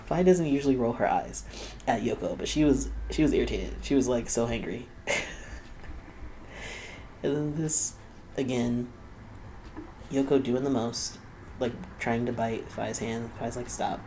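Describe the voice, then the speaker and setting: A man's voice: mid-range voice, measured pace, pauses often, background noise. A young man hosting a reaction video, chatting casually and laughing often as he quotes the people he watches.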